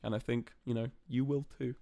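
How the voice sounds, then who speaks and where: A man's voice: medium pitch, brisk, creaky, no echo. Young guy streamer rambling to chat, playful, dry close sound, mid voice. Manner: playful, animated, chatty with many fillers. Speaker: live streamer. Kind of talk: casual live-stream chat to viewers.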